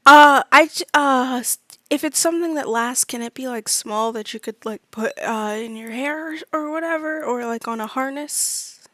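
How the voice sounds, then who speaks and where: A woman playing a tabletop game, speaking hesitantly with halting fillers. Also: high-pitched, fairly bright tone, no room sound. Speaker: player. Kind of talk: casual tabletop role-play.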